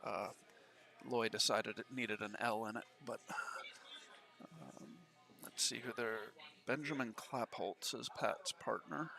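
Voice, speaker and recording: A man in casual pool commentary with a gravelly, fry-laden voice. His tone is bright and sharp. He talks in a matter-of-fact, informative way. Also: lowish voice, measured pace.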